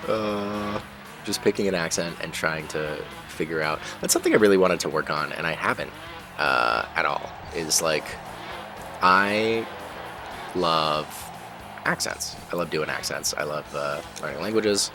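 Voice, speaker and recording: A man giving casual, rambling commentary while playing a racing game, breaking off to react loudly whenever he crashes. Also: very deep voice, unhurried. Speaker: gaming channel host. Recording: game music behind voice. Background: game music and engine sounds.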